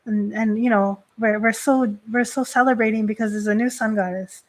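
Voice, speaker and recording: A woman priestess hosting a casual live stream. She talks in a chatty, rambling way, filling her sentences with "like." Her voice sits at an ordinary middle pitch. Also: steady tone, a little fast, hardly any pauses, low-quality recording. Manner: chatty, heavy use of "like" fillers. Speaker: Shinto priestess and host.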